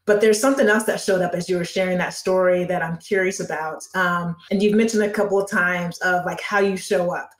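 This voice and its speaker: Woman podcast host, thoughtful, asks deep questions, sounds echoey. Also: steady tone, a little fast, few pauses. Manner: reflective, affirming, asks probing questions. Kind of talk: interview conversation. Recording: echoey room.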